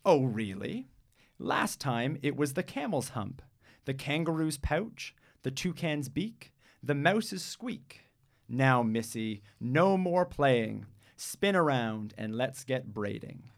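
A man reading a storybook aloud, voicing a brisk, bossy mother who coaxes her daughter. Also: medium pitch, sing-song, pitched above the performer's own voice. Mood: coaxing. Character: a bossy mother braiding her girl's hair.

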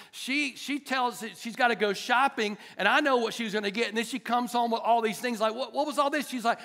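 A middle-aged male pastor delivers a sermon in a high, ringing voice. He is animated and conversational, tossing jokes and asides to the congregation in the hall. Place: church hall.

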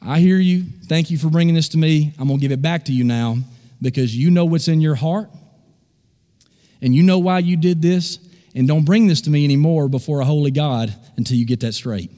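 A man voicing a patient, loving father figure who speaks calmly and firmly. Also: a little high, fairly quick, big-room sound, voice pushed down, lightly acted.

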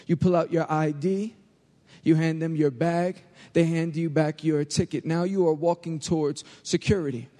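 A man with a New York accent preaching to a youth crowd as a youth pastor, lively and joking, calling out for the crowd to answer back. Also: fairly high pitch. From United States. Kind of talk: energetic sermon to a youth crowd. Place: large church hall. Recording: live hall recording with long reverb.

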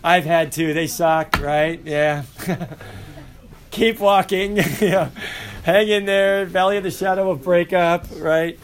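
A male teacher giving an animated, playful class lecture and asking his students questions. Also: high voice, takes it slowly, a little hiss or hum. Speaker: high school teacher.

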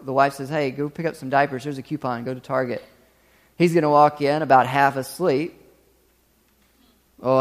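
Lively pastor preaching in a reverberant hall. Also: male voice, fairly high pitch. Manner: storytelling, acts out quoted voices, lively asides to the congregation. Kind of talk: sermon.

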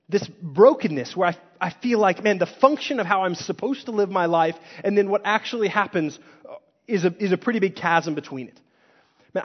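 Man preaching, high-pitched voice, casual and fervent, dull lo-fi church recording. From Texas. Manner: impassioned, conversational preaching with dramatic swings in volume. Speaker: pastor. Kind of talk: sermon.

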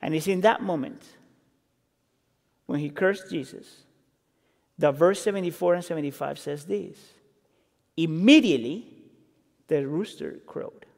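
A man preaching a sermon, acting out quoted lines and building intensity before dropping low and quiet. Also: moderate pace, vocal fry, pauses often. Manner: expressive, acts out quotes, builds intensity then drops low. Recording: reverberant hall.

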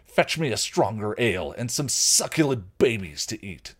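A man voicing a hungry male troll who speaks slowly, loudly and in grand formal phrases. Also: fairly low pitch, sing-song, breathy edge, voice pushed up. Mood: bellowing. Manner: loud, slow and grandly formal.

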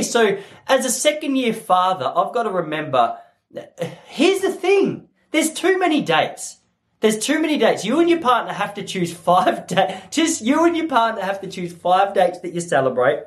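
A man's voice: sits high, sing-song, normal speed. A young Australian man telling a funny story to his listeners, swearing freely as he goes. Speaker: podcast host. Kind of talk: comedic monologue to listeners.

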